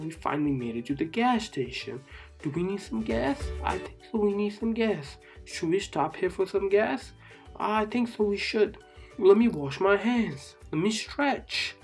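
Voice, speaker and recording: Gravelly, excitable kids' cartoon narrator. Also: mid-range voice. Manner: excitable, repeats short phrases.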